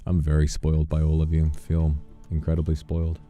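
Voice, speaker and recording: A man's voice: a bass voice, completely flat delivery, fairly quick, mellow, faint music behind. A male streamer chatting casually and playfully, bursting into mock-outraged rants and snatches of song. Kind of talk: casual live-stream chat.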